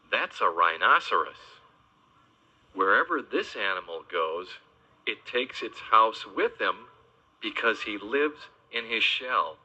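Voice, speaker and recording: A man slowly teaching young children animal names, spelling words out and making animal noises. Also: on the low side, sharp tone, slightly rough, lo-fi sound. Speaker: children's educational host.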